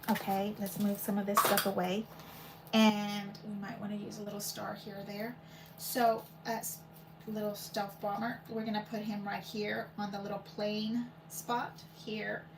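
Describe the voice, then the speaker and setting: A woman's voice: mid-range voice, creaky. A woman hosting a paper crafting video, chatting casually and thinking aloud as she works at home. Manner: chatty, rambling, thinks aloud while working. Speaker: paper crafting channel host. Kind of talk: casual craft demo chat. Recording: home recording with steady background noise.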